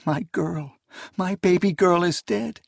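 An anguished woman begging her lover not to pull away, as a male audiobook reader puts her on. The voice sits higher than his own and stays husky and slow. It is recorded close and dry. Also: no room sound, heavily acted. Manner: raised, pleading, emotional. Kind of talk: audiobook character voice.

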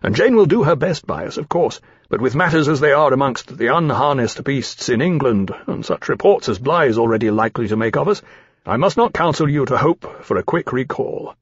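A grave, formal captain, as an audiobook narrator plays him, measured and dry in his speech. The husky voice sits on a dry, slightly dull recording. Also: mid-range voice, lively intonation, dry recording. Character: grave male naval-minded aviator captain, dry and measured.

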